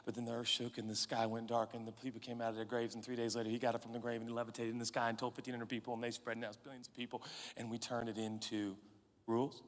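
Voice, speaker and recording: A man in his forties, a pastor preaching a sermon, energetic and playful and breaking into shouts. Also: medium pitch. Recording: long reverb of a large hall.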